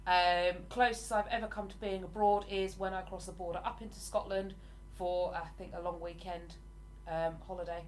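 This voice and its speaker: A woman's voice: on the low side, little pitch movement, moderate pace, a little hiss or hum. An English woman in her forties, chatting casually with viewers on a livestream and answering their comments. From England. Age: 40s. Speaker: livestream host.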